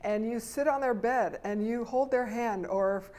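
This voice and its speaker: A middle-aged woman answering interview questions as a family relationship expert, earnest and animated, often acting out what a parent might say. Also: on the high side, moderate pace.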